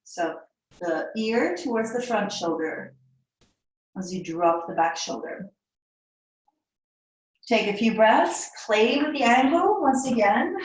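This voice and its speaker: A woman's voice: fairly high pitch, expressive, slow, long pauses. Chatty woman yoga teacher in echoey room. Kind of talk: live yoga class instruction. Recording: echoey room, mic far off.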